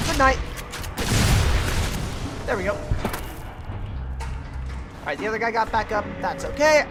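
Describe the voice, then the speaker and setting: A woman streams a video game and chats with her viewers as she plays. She talks casually and swears freely. Loud game music plays under her voice. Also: on the high side, lively intonation, measured pace, long pauses. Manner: chatty, swears freely, talks to chat while playing.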